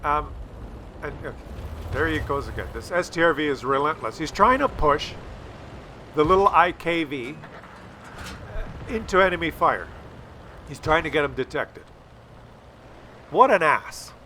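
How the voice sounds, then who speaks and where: A man's voice: fairly high pitch, expressive, unhurried, pauses often, bright, forceful tone, slight background noise. A man doing sarcastic, mocking commentary over a game replay, swearing freely as he calls out a troll. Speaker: gameplay commentator.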